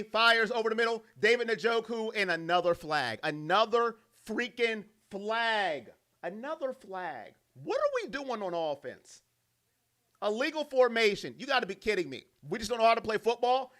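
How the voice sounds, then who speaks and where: A man hosting a live fan stream, calling the plays and reading out chat messages and donations in an animated way. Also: sits high, moderate pace. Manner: animated, loud, reacts to plays and reads donations. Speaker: fan livestream host doing play-by-play.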